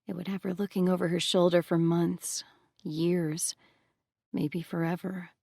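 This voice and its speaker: Slow, calm female audiobook narrator. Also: on the low side, gravelly, dry recording, studio quality. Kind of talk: scripted narration.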